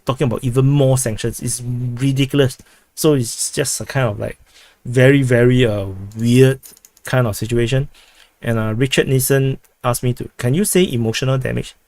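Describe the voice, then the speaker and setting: A man with a Singaporean English accent hosts a relaxed livestream, fielding viewer questions haltingly with lots of repeated words and restarts on "uh." His voice is medium-pitched and somewhat dark, with no echo.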